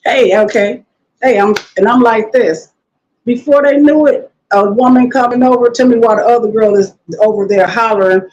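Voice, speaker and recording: A woman's voice: a little high, normal speed, lo-fi sound. A woman guest in a casual interview, telling stories animatedly and acting out what others said. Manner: animated storytelling, quotes others in lively voices.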